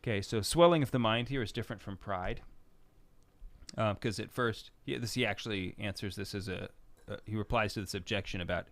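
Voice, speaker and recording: A man's voice: lowish voice, a little fast. A man co-hosting a Catholic podcast, explaining church teaching in loose casual chat with many fillers and acted-out inner thoughts. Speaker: podcast co-host.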